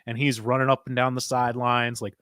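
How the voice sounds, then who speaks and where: A man co-hosting a casual chat show, slightly hoarse, telling animated stories and laughing often. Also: mid-range voice, a little fast, no echo, studio quality. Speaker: podcast co-host.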